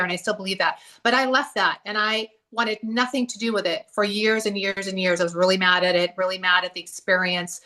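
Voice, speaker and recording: A woman hosting a casual spiritual discussion, telling stories in an animated way and acting out the voices in them. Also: medium pitch, quick pace, hardly any pauses, far from the mic. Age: adult, left a church at seventeen years ago. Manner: animated storytelling, acts out voices with laughs. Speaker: host.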